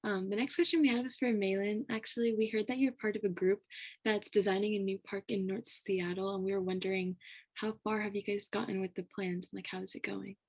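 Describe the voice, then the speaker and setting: A woman's voice: medium pitch, steady tone, a little fast. A young woman hosting a live student panel, thanking the guests and moving on to the next question in a friendly way. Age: young adult. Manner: friendly, moves questions along. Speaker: host.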